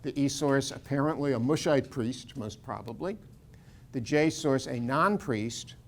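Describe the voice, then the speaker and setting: A man's voice: mid-range voice, a little slow, vocal fry. An older man, a Bible scholar, gives an informal lecture full of anecdotes, with frequent fillers and restarts. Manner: digressive, many fillers and restarts.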